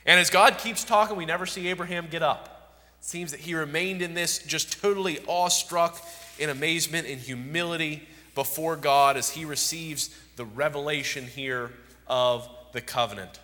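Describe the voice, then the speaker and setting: A man's voice: fairly high pitch, normal speed, bright, forceful tone, long reverb tail. A man preaching an expository sermon, emphatic and repeating key words for stress.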